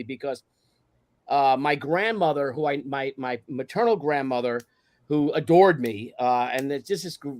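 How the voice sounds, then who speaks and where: A man hosting a casual live stream over a video call, rambling through candid personal stories. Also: fairly high pitch. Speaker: show host.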